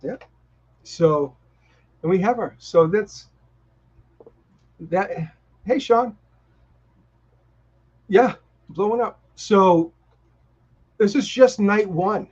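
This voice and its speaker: A man's voice: high voice, very slow, pauses often. A man with a Boston accent co-hosting a casual live stream, talking eagerly and restarting his sentences often. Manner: enthusiastic, rambling with restarts. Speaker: co-host. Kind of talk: casual chat. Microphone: video call. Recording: dull lo-fi stream audio.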